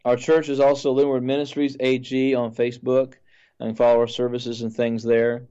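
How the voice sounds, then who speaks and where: A man's voice: mid-range voice, monotone, moderate pace, warm tone, smooth, muffled recording. A man who is a pastor and a guest on the show, speaking earnestly and often repeating words as he talks. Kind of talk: sermon-like testimony.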